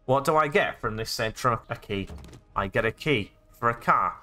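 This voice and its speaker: A man's voice: medium pitch, normal speed, pushed and bright, faint music behind. An English man hosting a let's play, narrating his own in-game actions in past tense with playful jokes. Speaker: gaming channel host.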